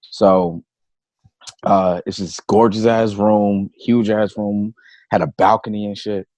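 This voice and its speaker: Male comedian guest, deep-ish, dry close mic, relaxed profane storyteller. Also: slow pace, no echo. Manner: loose, profane anecdote telling. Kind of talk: casual podcast storytelling.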